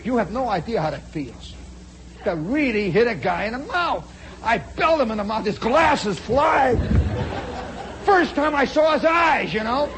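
A man telling a long first-person story in a dramatic, animated way, jumping from loud bursts to hushed asides and speaking straight to his listeners. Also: very high voice, measured pace, slight background noise, poor audio. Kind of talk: spoken storytelling monologue.

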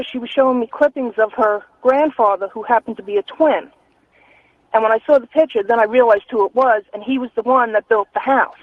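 A woman from North Carolina calling into a radio show and telling a ghost story in a chatty way. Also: on the high side. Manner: chatty storyteller, laughs easily. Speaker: caller. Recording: phone line.

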